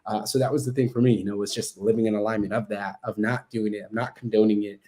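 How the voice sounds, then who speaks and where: A man's voice: lowish voice, steady tone, quick pace, dark tone. A man hosting a podcast, telling stories in a blunt, profane, casual way. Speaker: podcast host.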